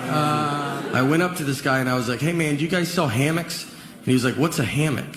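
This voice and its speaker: A man with a Southern US accent doing a stand-up comedy set, telling stories in a slow, deadpan way with trailing pauses. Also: on the high side. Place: comedy stage with live audience. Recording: noisy live audience recording.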